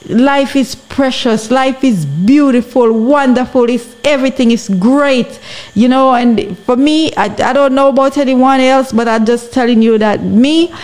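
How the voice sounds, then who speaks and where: Woman, jamaican accent, earnest and exhorting, podcast commentary, fairly high voice. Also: measured pace, darkish tone. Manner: earnest, exhorting, often asks "you understand". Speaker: guest.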